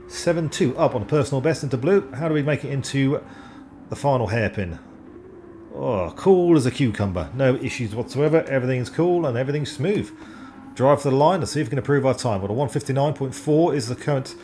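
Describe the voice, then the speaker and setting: A man giving live sim racing commentary, excitable and self-deprecating, often stumbling over driver names. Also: fairly high pitch.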